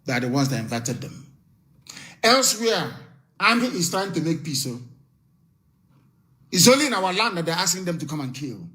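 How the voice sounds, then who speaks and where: A man's voice: a little high, big pitch swings, normal speed, long pauses, bright, forceful tone. A man giving an impassioned live broadcast address as a political activist leader, hammering rhetorical questions and issuing stern warnings. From Nigeria.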